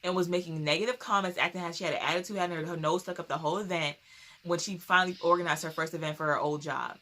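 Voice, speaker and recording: Bright, emphatic young woman recapping a show. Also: on the low side, fairly even intonation, fast. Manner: emphatic, slangy, repeats points for effect. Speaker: TV recap host. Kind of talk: casual recap chat.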